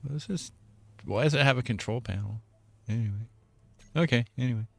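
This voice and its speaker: A man's voice: mid-range voice, a little fast, gravelly. A man chatting casually while playing a game, joking and rambling. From United States. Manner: joking, rambling, frequent laughs. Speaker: gamer co-host. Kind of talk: casual chat while gaming.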